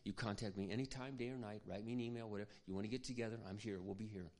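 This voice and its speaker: A man preaching, telling a personal story in an earnest, confiding way that often drops to a hush. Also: lowish voice, steady tone, rapid-fire. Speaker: pastor. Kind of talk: sermon storytelling.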